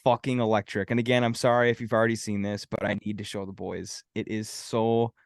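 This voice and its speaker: A young man co-hosting a casual podcast, excitable and swearing casually. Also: lowish voice, a little fast, creaky, smooth, no echo, studio quality. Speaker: podcast co-host.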